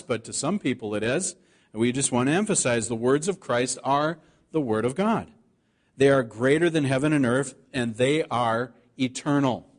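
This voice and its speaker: Male pastor, mid-pitched, earnest sermon delivery with slowed, weighty quotes. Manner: earnest preaching, slows to stress scripture quotes.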